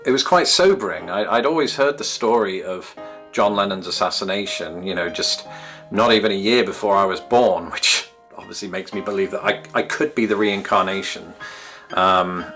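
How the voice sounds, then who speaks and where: Soft music plays in the background as a man from England, in his thirties, addresses his YouTube viewers at normal speed. His low voice has a sharp tone and an English accent, and his reminiscing monologue is wry, self-deprecating and chatty.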